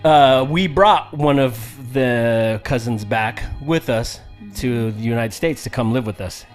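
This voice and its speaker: A man's voice: medium pitch, slow. Thirtysomething guy from samoa cohosting, rambles and laughs and swears, bit of music under it. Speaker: podcast co-host. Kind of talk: casual storytelling chat.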